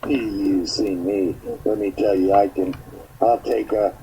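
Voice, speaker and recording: A man calling in as a guest over an internet call, bragging loudly about being a redneck in casual podcast banter. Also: lowish voice, fairly even intonation, slow pace, slight background noise, low-quality recording. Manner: boastful, rowdy self-styled redneck.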